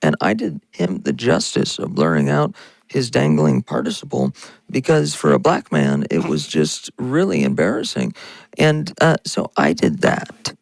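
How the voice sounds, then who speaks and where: A man's voice: low voice, big pitch swings, unhurried, gravelly, no echo, poor audio. A man hosting a podcast, delivering an angry, insulting political rant with mocking asides. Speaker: podcast host.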